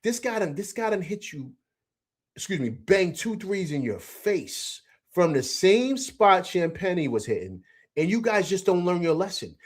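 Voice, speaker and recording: A man's voice: sits high, sing-song, normal speed, a bit bright. A man hosting a live-stream sports reaction show, talking emphatically to his chat viewers, repeating himself and saying "man" a lot. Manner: addresses chat viewers directly. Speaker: fan show host.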